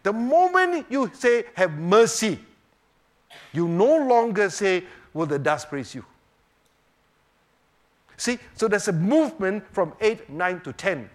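A high-voiced male preacher teaches a sermon on the Psalms. He swings between emphatic rhetorical questions and hushed, quiet moments.

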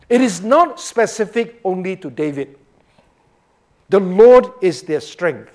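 A man teaches through a psalm in an expository sermon. His voice is high and very lively in pitch, and he speaks at an unhurried pace. He often checks in with his listeners. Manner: animated, often checks in with "Right?". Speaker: Bible teacher.

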